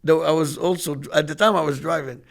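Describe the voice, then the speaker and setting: A man in his fifties with a gravelly, fairly high voice tells a long business story. He is animated and acts out the voices of the people in it. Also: brisk. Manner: animated storyteller acting out quotes. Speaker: podcast co-host. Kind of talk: casual storytelling.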